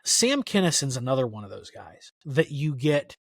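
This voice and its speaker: A man's voice: medium pitch, moderate pace, vocal fry, slightly rough, no echo, clean studio sound. A man guest on a podcast, telling stories in a casual, rambling way, full of "like" fillers. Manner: rambling, many "like" fillers, animated retelling. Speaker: podcast guest, country music historian. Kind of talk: casual conversational storytelling.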